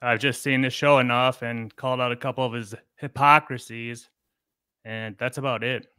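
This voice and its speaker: Smooth, laid-back male caller. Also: mid-range voice, fairly even intonation, normal speed, sharp tone, no echo, clean studio sound. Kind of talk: call-in argument.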